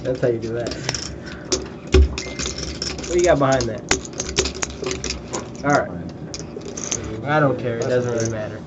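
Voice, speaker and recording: A man's voice: mid-range voice, a little slow, long pauses. A man dealing and trading sarcastic jabs with friends at a poker table. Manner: sarcastic, needling teasing. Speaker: poker player and dealer. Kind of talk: casual banter at a poker table. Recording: dull sound with clear room noise.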